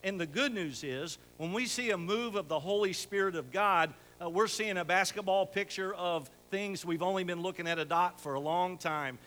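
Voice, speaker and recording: A man's voice: high-pitched, normal speed, hardly any pauses, a bit bright. An older man preaching a folksy sermon as pastor, rising to emphatic exhortation. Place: church sanctuary. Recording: echoey church hall with faint hum.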